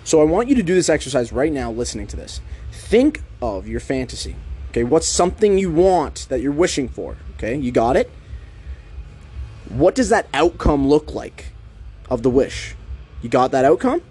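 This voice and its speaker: A man's voice: a little high, normal speed, breathy edge. Upbeat man talking straight to listeners. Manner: energetic, direct addresses to listener. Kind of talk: casual monologue.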